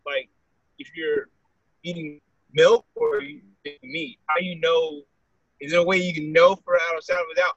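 A man asking a question in an online Bible study, halting as he searches for words, over choppy call audio. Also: a little high, fairly bright tone, dry recording, muffled recording. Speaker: study group participant. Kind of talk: casual group question.

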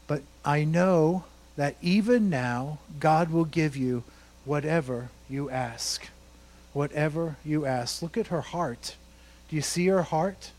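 A man's voice: fairly high pitch, slow, a little mellow. A male pastor preaching a sermon, emphatic and repeating words for stress, asking rhetorical questions.

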